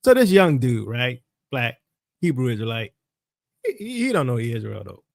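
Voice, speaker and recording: A man's voice: mid-range voice, big pitch swings, normal speed, creaky, dry recording, clean studio sound. A man speaking as a religious teacher, delivering a casual commentary monologue to his followers in a colloquial, storytelling way.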